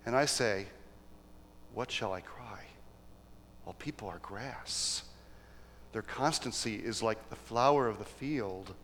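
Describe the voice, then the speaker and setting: A man preaching in church, who reads scripture solemnly and talks through his points in a halting way with restarts. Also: on the low side, fairly bright tone, long reverb tail, slight background noise. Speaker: pastor. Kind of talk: sermon with scripture reading.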